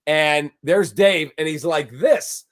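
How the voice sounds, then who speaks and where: A man guesting on a casual sports podcast, telling stories in a lively, anecdotal way. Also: on the high side, slow. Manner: animated anecdotal storyteller.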